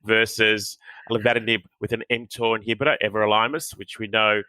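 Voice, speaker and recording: Bright-voiced man explaining trial data. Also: lowish voice, level tone, brisk, no room sound, low-quality recording. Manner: explanatory, matter-of-fact. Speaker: oncologist. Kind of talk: roundtable discussion.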